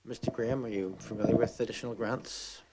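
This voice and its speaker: A man chairing a council meeting, calling on speakers and moving motions briskly. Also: lowish voice, steady tone, very noisy. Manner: brisk procedural.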